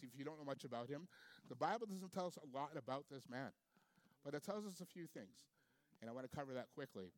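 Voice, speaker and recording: A man's voice: medium pitch, dry recording. A man preaching a sermon, reading scripture aloud and then reflecting on it with questions for his listeners. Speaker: pastor.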